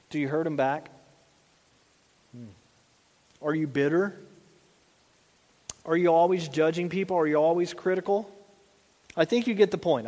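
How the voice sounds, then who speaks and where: A man's voice: high voice, a little mellow. A man in his thirties preaching a sermon as pastor, in a conversational way with frequent asides and restarts. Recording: long church reverb.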